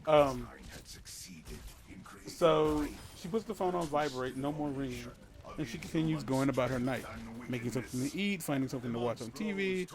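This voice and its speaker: A man's voice: mid-range voice, moderate pace. A man casually telling a creepy story as a podcast co-host, rambling, swearing and interrupting himself. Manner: profane, rambling, self-interrupting.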